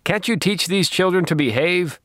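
A man voicing a brisk, cheerful adult woman in an audiobook reading. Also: sits high, fairly bright tone, no echo, clean studio sound, voice pushed up.

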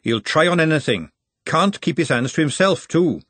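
Man playing a no-nonsense young woman, firm, scolding, slightly raised pitch, dry. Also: expressive, normal speed, fairly bright tone, husky, no echo. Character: sensible, bossy young working woman.

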